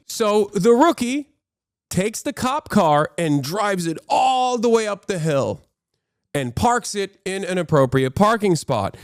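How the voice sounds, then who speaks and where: A man's voice: high voice, animated, slow, clean tone, dry recording, clean studio sound. A man in his thirties, a streamer giving casual, opinionated, sarcastic commentary and swearing freely.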